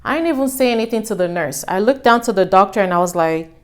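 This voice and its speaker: A young adult woman casually telling her own story to her viewers, acting out what people said with a raised voice. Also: fast talker. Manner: animated, acts out quotes with raised pitch.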